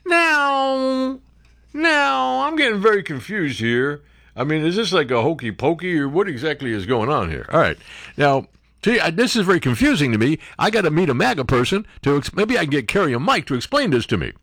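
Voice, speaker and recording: Older male commentator, sarcastic and mocking, very lively pitch that leaps into silly voices, dry close sound. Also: a little fast, no room sound. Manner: mocking, acts out silly voices for quoted people. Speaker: political commentary host.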